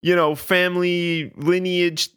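A man's voice: high voice, flat delivery, takes it slowly, a bit bright, clear, resonant tone. A man in his thirties co-hosting a podcast, rambling casually with lots of swearing and "like". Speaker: podcast co-host. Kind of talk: casual chat.

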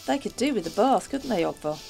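Woman player, low and gravelly, chill, music playing behind. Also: fast. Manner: relaxed, speaks of her character in third person. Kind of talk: tabletop game play.

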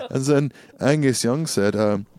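A man's voice: mid-range voice, darkish tone, no echo. A man co-hosting a podcast in casual chat, telling rambling jokey stories and reading listener emails aloud. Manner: joking, rambling storyteller, reads listener emails. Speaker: podcast co-host.

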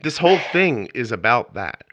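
A man's voice: medium pitch, very animated, moderate pace, pushed and bright, no echo. A middle-aged man hosting a podcast interview, chatty and enthusiastic, with rambling asides. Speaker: podcast host. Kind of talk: casual interview chat. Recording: dull lo-fi dry sound.

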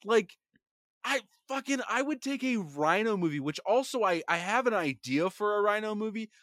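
A young man co-hosts a podcast with an animated, swearing storyteller's energy. His voice sits a little high and sounds bright and forceful. The recording is dry and close, with no room. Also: normal speed, dry recording. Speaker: podcast co-host. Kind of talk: casual chat.

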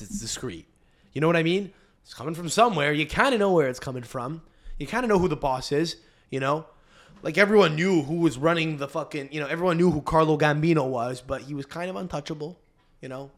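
A man hosting a casual podcast, rambling and swearing freely, with frequent restarts. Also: on the high side. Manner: rambling, profane, restarts often. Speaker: podcast host.

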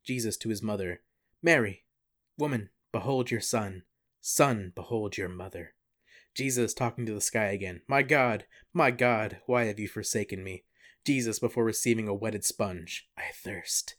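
A young man co-hosting a podcast, joking and laughing often, reading an answer aloud with deadpan asides. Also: fairly low pitch, moderate pace. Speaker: podcast co-host. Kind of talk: casual comedic chat, reading an answer aloud.

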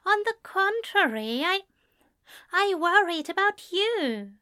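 A fussy, soft-spoken male angel, as a woman reads him with a high, lifted voice that leaps around as he stammers out polite, formal apologies. A dry, close storybook reading. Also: very animated, slow pace, dry recording, heavily acted. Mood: earnest.

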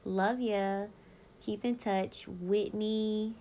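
A woman in her thirties hosts her own podcast, speaking very slowly in a warm, medium-pitched voice with fairly even intonation, over a faint hiss or hum. In a casual monologue she talks candidly and emphatically, with some profanity, straight to her listeners and sometimes reads old yearbook notes aloud.

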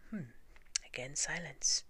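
A woman reading storybooks aloud in a soft ASMR style, gentle and often half-whispering. Her voice is low and slow, with a bright clarity. The recording is close and dry, with no room sound. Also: slightly rough, no room sound.

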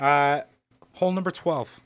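A man co-hosting a casual, joking conversation, his voice sitting a little high for a man. He swears freely and laughs a lot as he talks. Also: steady tone, a little slow, fairly bright tone, clean tone. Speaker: co-host. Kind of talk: casual chat.

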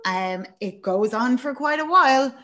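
A woman's voice: sits high, animated, unhurried, fairly bright tone. A woman hosting a podcast, retelling a film plot in casual, sweary chat and acting out the characters' lines. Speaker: podcast host.

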